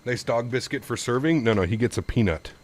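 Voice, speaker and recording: A man's voice: medium pitch, brisk. A man from Canada hosting a casual live flight-sim stream, cooing to his dog and talking through cockpit setup steps.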